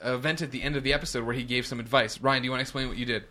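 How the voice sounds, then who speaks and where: A man's voice: mid-range voice, steady tone, very fast, pushed and bright. A man hosting a casual podcast, jokily reading out listener questions. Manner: jokey, reads listener questions aloud. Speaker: podcast host. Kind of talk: casual chat.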